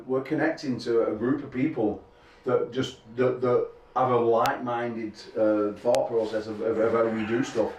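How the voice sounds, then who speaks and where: A man's voice: mid-range voice, darkish tone. A middle-aged man, an arm wrestling promoter bantering at a press conference, rambling and telling crude jokes with frequent laughter. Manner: rambling, crude joking storyteller who laughs often. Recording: echoey room from a distance.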